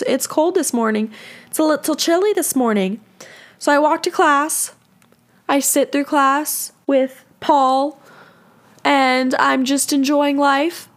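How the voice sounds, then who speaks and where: Animated young woman from California. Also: high voice. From San Diego, California. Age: young adult. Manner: animated, profane, self-deprecating. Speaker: podcast host. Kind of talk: casual storytelling monologue.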